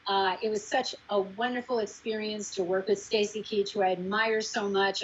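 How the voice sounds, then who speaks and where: A woman telling lively stories about a film shoot, acting out the people she quotes. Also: medium pitch, dull audio, slight background noise. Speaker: actress recalling a film shoot. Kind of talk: casual anecdote to camera.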